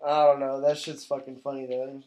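A man's voice: mid-range voice, flat delivery, dark tone, poor audio. A young man co-hosting a podcast, cracking crude jokes and laughing. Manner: joking, quick laughs, crude banter. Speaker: podcast co-host. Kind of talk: casual podcast chat.

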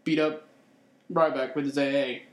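Male co-host, a bit high-pitched, halting casual talk, roomy sound. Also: steady tone. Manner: hesitant, many fillers. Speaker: podcast co-host. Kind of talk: casual chat. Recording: echoey room.

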